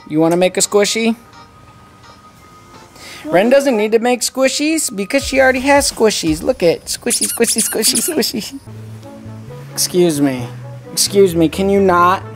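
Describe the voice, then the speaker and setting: A man in his thirties hosting a casual family vlog, playful and teasing with his kids and pets. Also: high voice. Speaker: family vlogger dad.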